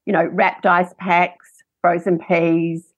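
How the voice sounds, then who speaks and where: Husky low woman, chatty. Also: little pitch movement, takes it slowly, dry recording, muffled recording. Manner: chatty, practical, tells anecdotes. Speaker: breastfeeding expert guest. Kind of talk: casual interview chat.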